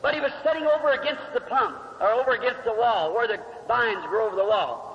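A man's voice: extremely high pitch, fast talker, hardly any pauses, a bit bright, a little hiss or hum. A male preacher telling a Bible story in a folksy way, with homespun grammar and questions to the crowd, on a muffled recording in a reverberant hall. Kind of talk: storytelling sermon.

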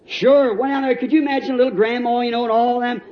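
A man preaching a sermon in a folksy storytelling way, laughing and rising to shouts. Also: very high-pitched, steady tone, quick pace. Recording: dull, roomy old church recording.

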